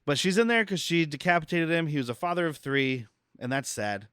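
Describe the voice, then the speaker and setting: A man's voice: on the high side, brisk, smooth, dry recording, studio quality. A man co-hosting a podcast, casually and wryly recapping a film's plot with his friends. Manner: relaxed, wry recapping of a film plot. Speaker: podcast co-host. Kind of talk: casual chat.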